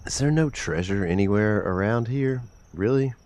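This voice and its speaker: Deep-voiced man muttering profane game commentary. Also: expressive, moderate pace, a little mellow, slight background noise. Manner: profane, muttering to himself, bursts of exasperation. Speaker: streamer. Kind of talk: live gameplay commentary.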